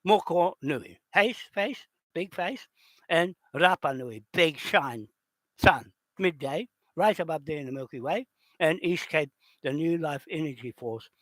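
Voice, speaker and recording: A man in an unscripted rant, heated and accusatory, swearing and often shouting. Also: fairly high pitch, no echo. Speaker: video host.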